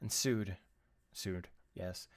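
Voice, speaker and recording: A man's voice: low voice, extremely slow. A young man streaming, reading a game aloud with friends and joking between lines. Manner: animated, laughing between lines. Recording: live stream with faint music.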